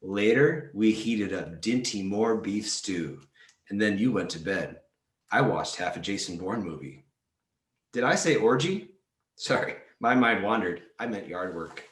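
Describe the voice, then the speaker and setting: A man reading short comic prose aloud at a library storytime, with a dry, deadpan delivery. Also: fairly low pitch, measured pace. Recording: roomy echo.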